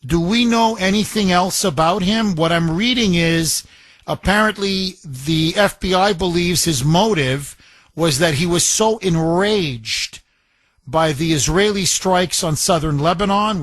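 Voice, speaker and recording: A man's voice: high voice, fairly bright tone, no room sound. A man hosting a talk radio show, firing pointed questions at a caller.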